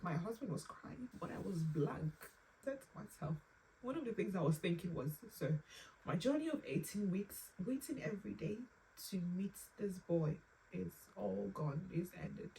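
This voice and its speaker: A young woman telling her own painful story to camera, halting and close to tears, with pauses and restarts. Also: fairly low pitch, warm tone, a little hiss or hum. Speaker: vlogger sharing a personal story. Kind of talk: emotional personal storytelling. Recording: slightly distant mic with faint room ambience.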